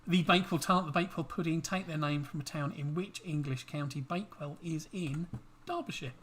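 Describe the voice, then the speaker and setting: A man's voice: fairly high pitch, steady tone, fairly quick, a bit bright, slight background noise. Man reading quiz questions with jokey asides. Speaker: quiz host. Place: home livestream.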